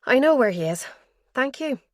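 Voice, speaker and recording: A woman's voice: sits high, very animated, normal speed, no room sound, clean studio sound, pitched above the performer's own voice. A woman doing an earnest female detective. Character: earnest female police detective, careful and tactful.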